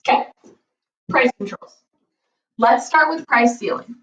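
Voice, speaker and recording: A woman's voice: on the high side, a little slow, roomy sound, far from the mic, highs cut off. A woman teacher giving a recorded lesson, playful and jokey, who keeps asking "okay?". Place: basement floor at home.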